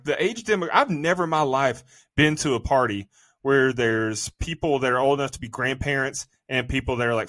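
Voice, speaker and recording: A man's voice: mid-range voice, a bit bright, dry recording, studio quality. Man ranting profanely about a film. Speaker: podcast co-host. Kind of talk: casual movie review chat.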